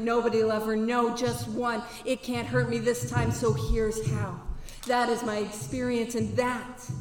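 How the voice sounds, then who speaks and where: High-voiced woman in an echoing hall. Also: a little hiss or hum. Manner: earnest, candid, with sudden whooping bursts. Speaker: recovery speaker at a banquet. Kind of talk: personal testimony talk. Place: banquet hall. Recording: echoey hall with long reverb.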